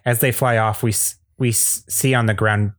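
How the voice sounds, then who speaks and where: A man reads the narration of a fan-script table read in a lowish voice. The recording is dry and close, and he tells the story plainly, stumbling now and then. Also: fairly even intonation, moderate pace, dry recording. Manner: plain storytelling with small slips.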